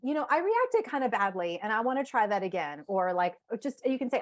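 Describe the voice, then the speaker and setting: A woman psychotherapist talking casually as a podcast guest, animated, acting out inner voices and saying "like" often. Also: fairly high pitch, fairly quick, hardly any pauses. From United States.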